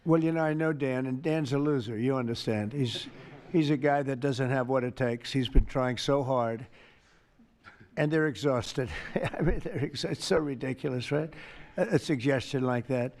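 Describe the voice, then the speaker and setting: A man's voice: medium pitch, normal speed, darkish tone. An older man answering reporters' questions off the cuff at a press event, rambling and repeating himself with boastful asides.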